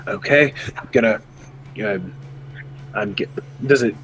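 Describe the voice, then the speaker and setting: A man's voice: on the low side, measured pace, a bit bright, slight background noise, low-quality recording. A man playing a tabletop game, thinking aloud and restarting as he describes his actions. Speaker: player.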